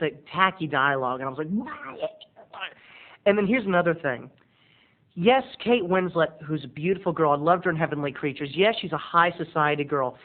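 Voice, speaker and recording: Campy sarcastic guy ranting to his webcam, kinda high voice, tinny phone-ish sound. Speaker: video blogger. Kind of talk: comic rant to camera.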